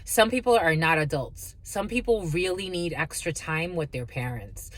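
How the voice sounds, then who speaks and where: A woman's voice: sits low, animated, moderate pace, dry recording. A woman giving a casual spiritual reading, blunt and profane, laughing often and calling listeners her lovies. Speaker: spiritual reader.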